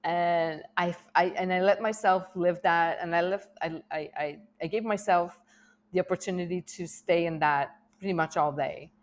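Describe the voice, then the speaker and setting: Candid, emotional woman with a lowish voice. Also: steady tone, moderate pace. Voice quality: emotional, rambling and open, with frequent laughs and restarts. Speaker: vlogger. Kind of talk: candid personal vlog.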